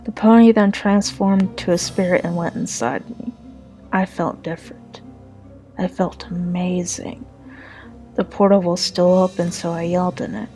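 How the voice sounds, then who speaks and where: A woman narrating a dark first-person pony story in an earnest, slightly halting reading. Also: fairly low pitch, steady tone, soft background music, low-quality recording.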